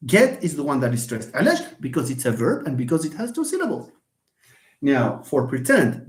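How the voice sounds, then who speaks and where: A man teaches a live online lesson, stressing and repeating words for emphasis. His voice sits a little high and swings widely in pitch. The sound carries the echo of a room. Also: huge pitch swings, moderate pace, darkish tone. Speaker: English teacher.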